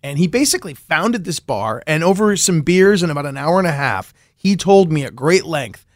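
Guy on a radio show telling a wild story, fairly high voice, dry studio sound, laughs a lot. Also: very animated, moderate pace, no room sound. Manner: enthusiastic storyteller, laughs often. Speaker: podcast host and reporter. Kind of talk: casual radio interview chat.

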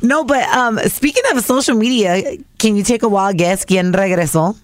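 A woman co-hosting a podcast in casual chat, with a raspy voice, chatty and laughing often, slipping Spanish phrases into her talk. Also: medium pitch, normal speed, no room sound. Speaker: podcast co-host.

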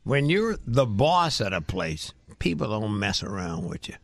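A man's voice: lowish voice, big pitch swings, measured pace, no room sound. A middle-aged man, a radio host, chatting casually and reminiscing with his co-host. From United States. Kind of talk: casual chat.

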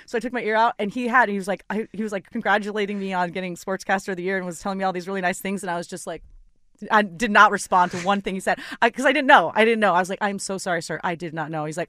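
A woman's voice: mid-range voice, rapid-fire, no room sound. A woman guest in a studio chatting, telling a funny story with lots of laughter and quoted dialogue. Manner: animated, laughs often, quotes herself. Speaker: in-studio guest, sideline reporter. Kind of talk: casual chat, storytelling. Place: radio studio.

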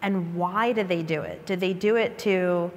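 A woman moderating a conference panel, asking measured, thoughtful questions. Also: on the low side, in a large hall. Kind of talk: panel discussion. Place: conference stage.

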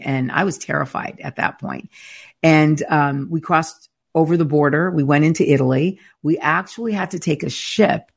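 A woman's voice: sits low, moderate pace, gravelly, breathy edge. Woman telling a dramatic story. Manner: emphatic, dramatic retelling with frequent restarts. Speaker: interview guest. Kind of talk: conversational storytelling.

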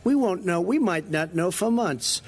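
A man's voice: high-pitched, lively intonation, normal speed. A man giving a combative, repetitive debate speech, played as a clip with faint music underneath. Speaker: debating politician.

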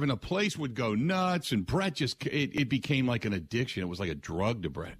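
Animated male sports radio host. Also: medium pitch, moderate pace, hardly any pauses, husky. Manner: excitable, mimics voices, frequent restarts.

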